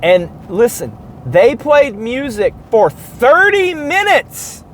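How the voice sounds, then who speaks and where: A man with a fairly high, very lively voice hosts his own podcast in a loose, comedic monologue. He mocks what he describes and bursts into acted-out sounds and chants, with a faint hum behind him. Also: takes it slowly, rough recording. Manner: animated, mocking, acts out sounds and chants. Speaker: podcast host.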